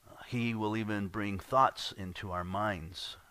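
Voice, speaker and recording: A man's voice: on the low side, fairly even intonation, unhurried, bright, forceful tone, dry recording. A man preaching a sermon as pastor, earnest and conversational, often repeating words as he goes.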